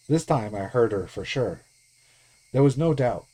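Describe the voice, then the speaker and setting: Man, streamer, first-person story narration, lively pitch, husky. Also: measured pace, pauses often. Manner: steady storytelling read-aloud. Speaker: streamer reading a visual novel aloud.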